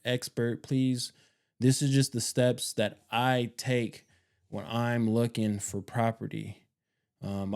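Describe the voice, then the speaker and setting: Mellow-voiced casual man rambling. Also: medium pitch. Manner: rambling, repeats himself, casual slang. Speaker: homestead channel host. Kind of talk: casual vlog talk.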